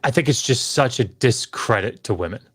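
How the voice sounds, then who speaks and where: A man's voice: medium pitch, lively intonation, moderate pace, husky. Exasperated man venting in a heated discussion. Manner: frustrated, exasperated, emphatic with sighs. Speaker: podcast co-host.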